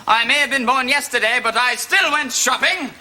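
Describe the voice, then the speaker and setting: A man's voice: very high-pitched, normal speed, background noise. An actor playing the snobbish ghost of a famous old male wit, with pompous, drawling quips.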